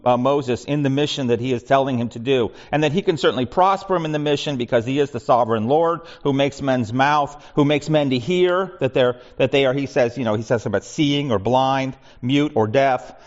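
A man leading a Bible study, talking conversationally with frequent restarts and asides. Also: medium pitch. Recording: muffled lo-fi recording.

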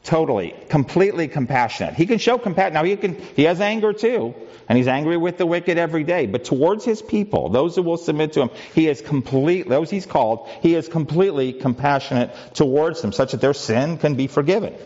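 A pastor with a somewhat high, animated, slightly mellow voice speaks fairly quickly in a conversational sermon. He throws rhetorical questions at the congregation, frequently starts his sentences over, and uses filler words. The recording sounds muffled.

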